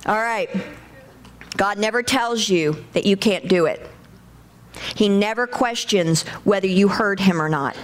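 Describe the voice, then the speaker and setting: A middle-aged woman preaching a lively sermon to a congregation, calling out and bursting into shouts. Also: mid-range voice, measured pace. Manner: animated, shouts in acted bursts, talks to congregation.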